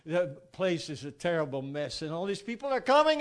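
A man giving an informal sermon, telling stories with animated rhetorical asides and frequent chuckles. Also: sits high, quick pace, few pauses, clear, resonant tone. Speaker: preacher.

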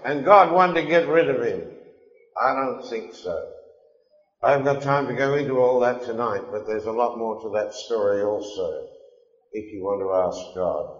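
A man preaching a sermon, emphatic and impassioned, swinging between quiet asides and loud declarations. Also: medium pitch, unhurried. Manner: impassioned, emphatic, rising and falling. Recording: echoey hall, dull lo-fi sound.

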